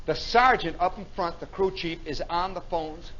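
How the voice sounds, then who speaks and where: Brief: male radio yarn-spinner live in a club, bright tense voice, animated, mimics sounds, faint hiss on old tape. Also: high-pitched, normal speed, few pauses. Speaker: radio storyteller and host. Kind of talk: live comic storytelling. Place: nightclub, live show. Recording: dull 1960s radio recording with faint hiss.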